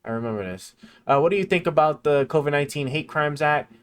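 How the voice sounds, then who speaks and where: A man's voice: a little high, clear, resonant tone. A man hosting a casual live stream chat, thinking aloud with lots of fillers and sometimes reading text aloud. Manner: reads text aloud haltingly. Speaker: livestream host.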